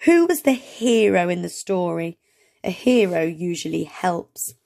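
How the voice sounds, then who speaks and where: A woman reading an early reader aloud to young children, gently sounding out words and asking encouraging questions. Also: lowish voice, animated, measured pace, creaky. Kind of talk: children's read-along lesson.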